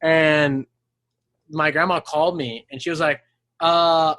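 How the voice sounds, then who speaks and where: A man's voice: a little high, steady tone, moderate pace, bright, forceful tone. A young man, a podcast guest, telling a story in casual chat, swearing a lot and laughing mid-sentence. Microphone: studio microphone.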